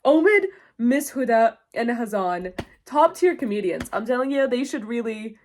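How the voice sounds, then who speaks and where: A woman's voice: a little high, animated, moderate pace, a little mellow, slight background noise. A young woman chatting casually about a book she loves, gushing and dramatic, often breaking into laughter and reading quotes aloud. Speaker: book vlogger. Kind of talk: casual book review chat.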